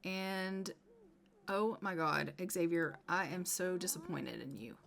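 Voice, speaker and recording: A woman's voice: on the low side, slow pace, gravelly, fairly bright tone. A young adult woman giving casual let's-play commentary, chatty and playfully scolding the characters she controls, now and then dropping to a whisper. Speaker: gameplay video host.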